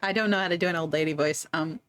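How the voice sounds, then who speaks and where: A woman's voice: fairly low pitch, a little fast, fairly bright tone, no room sound. A woman streamer chatting casually and giggling as she plays a game, reading its text aloud. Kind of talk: casual gameplay commentary.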